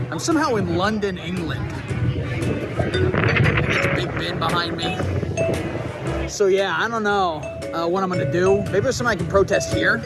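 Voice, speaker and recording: Male vlogger, hesitant rambling, outdoor street, loud backing music, gravelly. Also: high-pitched. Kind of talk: comedic vlog in character.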